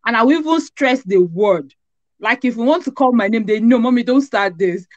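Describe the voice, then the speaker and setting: A woman with a Nigerian accent and a high voice, hosting a casual discussion show. She tells anecdotes and acts out the lines of people she quotes. The sound is dull and very dry. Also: fairly quick, no room sound. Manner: storytelling, lively quoting. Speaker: host.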